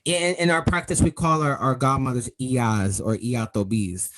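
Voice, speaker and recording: A man's voice: medium pitch, moderate pace, crowd noise, rough recording. Young man telling a personal story. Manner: earnest, animated storyteller who acts out quoted speech. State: emotional. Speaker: podcast guest.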